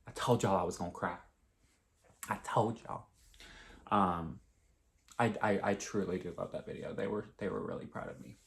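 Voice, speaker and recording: A man's voice: sits low, fairly even intonation, normal speed, gravelly, pauses often. A young man in his twenties chatting casually with viewers in a home craft vlog, rambling and openly emotional. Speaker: cross-stitch vlogger. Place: home, indoors.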